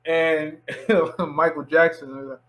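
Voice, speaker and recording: Thirtysomething dude from miami telling a story, does the voices, kinda higher pitched. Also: male voice, slow, low-quality recording. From Miami, USA. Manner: animated anecdote teller who acts out quoted voices. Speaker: filmmaker guest. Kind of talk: casual interview storytelling.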